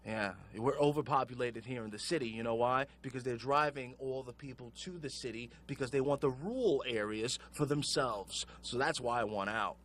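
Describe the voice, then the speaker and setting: A man's voice: mid-range voice, normal speed, hardly any pauses, a bit bright, a little hiss or hum. A man hosting a call-in radio show, ranting sarcastically and sounding exasperated. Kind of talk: call-in talk radio rant.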